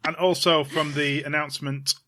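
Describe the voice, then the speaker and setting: A man's voice: a little high, level tone, normal speed, background noise. A man from England co-hosting a casual podcast chat, reading out lists of names in a dry, offhand way. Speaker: podcast co-host.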